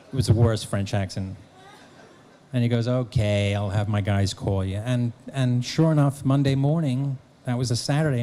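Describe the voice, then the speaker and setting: A middle-aged man telling an animated anecdote as a guest at a fan press conference. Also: mid-range voice. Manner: animated storyteller, slips into voices for the people he quotes. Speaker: actor and author guest.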